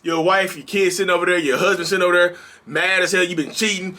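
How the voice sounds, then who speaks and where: A male mental health vlogger talking straight to camera in a casual, energetic, preachy and colloquial way. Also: high voice, quick pace. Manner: energetic and bouncy. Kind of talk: casual direct-to-camera vlog.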